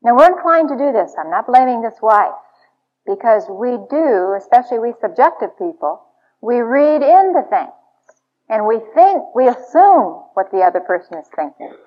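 A woman's voice: fairly high pitch, very animated, normal speed. Earnest woman giving a church talk, lo-fi. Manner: earnest, confessional storytelling. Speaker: Christian marriage speaker. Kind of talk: teaching talk to an audience. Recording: dull lo-fi recording.

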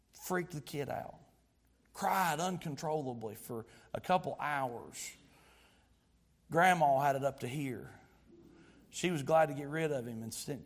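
Preacher guy, high voice, goes from soft storytelling to loud fired-up preaching. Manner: swings from quiet storytelling to loud exhortation. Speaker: pastor. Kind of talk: sermon.

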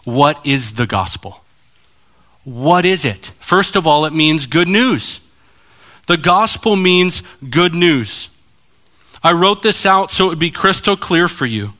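A man's voice: fairly high pitch, slow. A man preaching a sermon as pastor, direct and challenging, acting out voices as he tells stories. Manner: animated storytelling, acting out voices.

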